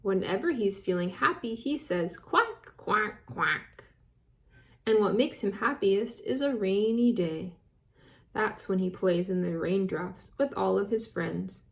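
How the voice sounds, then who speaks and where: A woman's voice: medium pitch, measured pace, gravelly. A woman hosting a children's storytime, reading a picture book aloud in a friendly way for young listeners. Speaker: storytime host.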